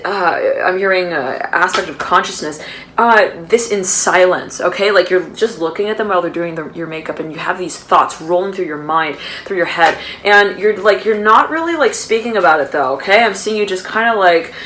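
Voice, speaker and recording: A woman gives an intuitive tarot reading in a rambling, repetitive way, dotted with fillers and laughs. Her voice sits somewhat low for a woman. A faint hiss of background noise runs underneath. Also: normal speed, fairly bright tone, rough recording. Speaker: tarot card reader.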